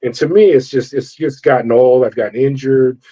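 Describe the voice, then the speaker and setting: A man's voice: medium pitch, fairly quick, slightly rough. A middle-aged man, a former corrections officer, telling a story in an interview and acting out the voices of the people in it. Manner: animated storyteller acting out dialogue. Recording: dull lo-fi sound.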